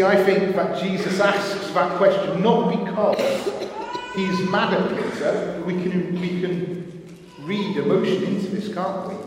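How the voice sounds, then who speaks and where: A man delivers a sermon at an unhurried, earnest pace, his voice slightly higher than usual. He is recorded from a distance in a large, reverberant hall. A faint room hum sits under his words. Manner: slow, earnest, acts out quoted thoughts with rising pitch. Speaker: preacher.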